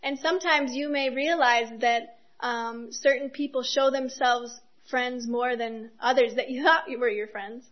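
A woman's voice: a little high, steady tone, measured pace, hardly any pauses. Earnest woman giving a lo-fi sermon. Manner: earnest, personal, with soft laughs. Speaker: speaker giving a devotional talk.

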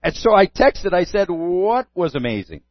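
A man's voice: high-pitched, sing-song, moderate pace, highs cut off, noisy background. A man, a pastor, telling a story in a sermon and acting out both sides of a conversation.

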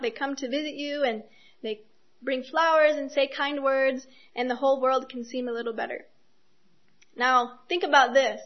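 A woman giving a sermon in an earnest, personal way, with soft laughs as she speaks. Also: high voice, highs cut off. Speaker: speaker giving a devotional talk.

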